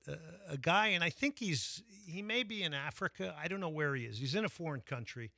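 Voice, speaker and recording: Gravelly, bright-voiced male radio host. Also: fairly high pitch, animated, brisk, hardly any pauses, no room sound, clean studio sound. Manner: chatty, with frequent fillers and restarts. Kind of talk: casual sports talk monologue.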